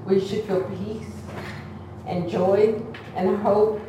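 A woman's voice: mid-range voice, fairly even intonation, slow pace, mellow, far from the mic, slight background noise. Earnest woman in an echoey hall. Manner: heartfelt, earnest, conversational. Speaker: church member giving testimony. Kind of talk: emotional church testimony. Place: church hall.

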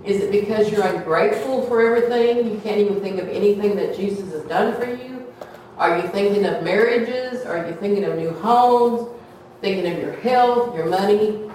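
A woman's voice: mid-range voice, moderate pace, darkish tone, slight background noise. Woman preaching in an echoey church. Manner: folksy, acts out quoted gossip in playful voices. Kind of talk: sermon. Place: small church hall. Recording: echoey room from far off, faint ambience.

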